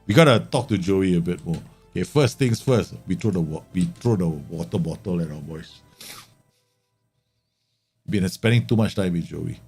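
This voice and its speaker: Male game streamer, lowish voice, excitable live match commentary, faint background music. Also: slightly rough. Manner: animated, exclaiming and grumbling at the match. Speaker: streamer playing a football management game.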